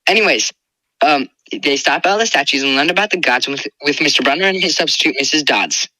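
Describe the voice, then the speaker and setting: A woman's voice: low-pitched, a little fast, sharp tone, no room sound, low-quality recording. A teenage girl co-hosting a casual podcast, retelling a story with playful sarcasm. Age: teens. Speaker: podcast co-host. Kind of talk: casual chat.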